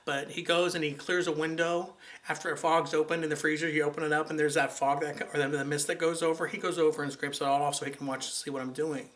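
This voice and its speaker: A man recounts a run-in with his ex in a loose, chatty vlog style. His voice is bright and forceful, sitting a little high, and his storytelling turns exasperated and sarcastic. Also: flat delivery, quick pace, hardly any pauses. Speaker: vlogger. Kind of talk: casual storytelling to camera.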